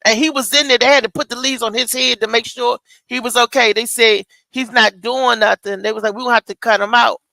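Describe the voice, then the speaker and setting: A woman in her thirties hosting a casual talk show, telling a story in an animated way and acting out the voices she quotes. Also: a little high, brisk, gravelly, hardly any pauses, dry recording, low-quality recording. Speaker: host. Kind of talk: casual chat.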